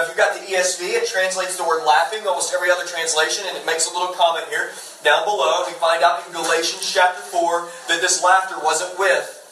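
A man in his thirties delivers a sermon in a loose, conversational way, slipping in jokes and side stories. His voice sits high and sounds forceful and bright. The mic is some distance away in an echoey room with faint ambience behind. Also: slight background noise. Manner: conversational and joking, with lots of asides. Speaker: pastor. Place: church sanctuary.

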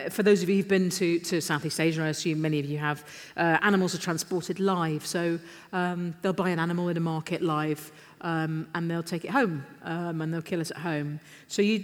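A middle-aged Englishwoman tells anecdotes on a festival stage, bouncing from one restart to the next and poking fun at herself. Her voice sits a little low for a woman. The sound carries the long reverb of a big hall. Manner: animated, self-deprecating anecdotes with restarts. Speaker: interview guest. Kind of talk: live on-stage storytelling.

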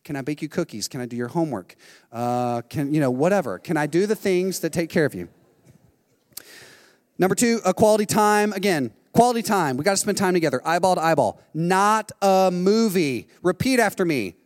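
A middle-aged man preaching a sermon, telling a lively story and acting out what people said. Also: fairly high pitch, fairly quick. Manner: animated storytelling, acting out quotes. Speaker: pastor. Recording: long hall reverb.

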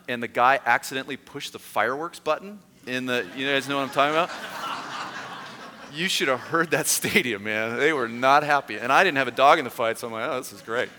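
A man preaching a sermon as a pastor, in a conversational storytelling manner that turns lively and self-mocking. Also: mid-range voice. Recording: echoey hall.

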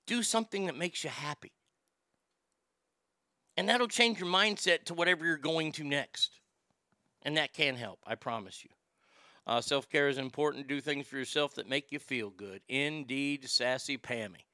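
A man's voice: on the high side, normal speed, sharp tone, no room sound, clean studio sound. A middle-aged man hosting a show, reading listener mail in a blunt, profane, rambling way. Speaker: host.

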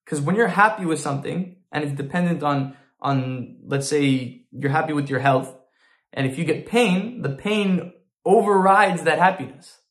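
A man's voice: fairly high pitch, moderate pace, roomy sound. A man teaching a Torah lesson through an informal story, with frequent restarts and Hebrew terms.

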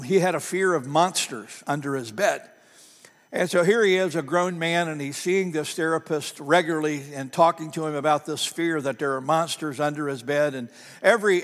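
Male pastor, high voice, conversational preaching style, repeats phrases, reverberant sanctuary. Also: fairly bright tone. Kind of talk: sermon.

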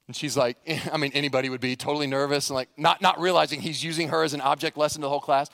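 A man's voice: on the high side, steady tone, racing, gravelly, a bit bright, no echo, studio quality. A male pastor preaching a sermon, telling stories with animation and putting questions to the congregation.

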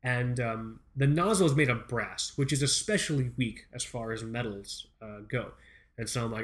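American guy podcast host, mid-pitched, swears a lot, rambling self-deprecating storyteller. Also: moderate pace. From United States. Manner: profane, rambling, self-mocking, animated. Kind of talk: comedic storytelling.

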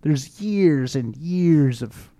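A relaxed, mellow-voiced young man. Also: on the high side, extremely slow. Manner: animated storytelling, swears freely. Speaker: podcast co-host. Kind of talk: casual podcast chat.

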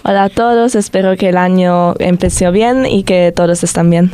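A young woman guest on a radio show, chatting in a relaxed way and switching easily between languages. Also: on the low side, a little fast, clean tone. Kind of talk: casual radio chat.

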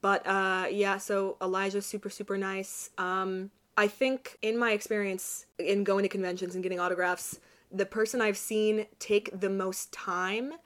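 A young woman in her twenties chatting casually, telling a lively story with quick asides. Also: mid-range voice. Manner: animated storyteller, quick asides and quoted voices. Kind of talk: casual chat.

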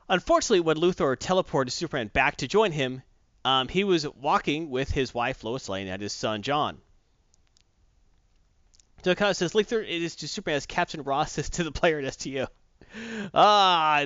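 A man casually recapping a comic book story as a podcast host, jumping into quick character voices as he retells it. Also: fairly high pitch, expressive, fairly bright tone, dry recording, muffled recording.

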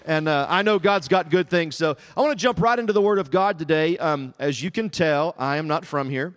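A middle-aged man with a Southern US accent, preaching as a guest speaker in humorous, animated storytelling. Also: on the high side, brisk. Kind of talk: sermon. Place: church service.

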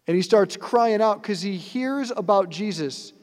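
Male priest, sermon, earnest conversational, slightly high voice, slow, long hall reverb. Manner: conversational, earnest preaching with rhetorical asides.

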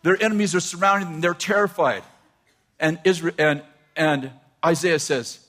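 An older man preaching a sermon, animated and laughing often as he quotes scripture. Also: a little high, moderate pace. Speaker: pastor.

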